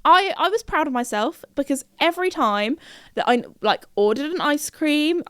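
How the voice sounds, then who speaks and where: A woman's voice: sits high, animated, moderate pace, a bit bright, dry recording, studio quality. A young British woman hosting her podcast, chatting casually and giggling, with plenty of fillers and restarts. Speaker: podcast host. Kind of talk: casual chat.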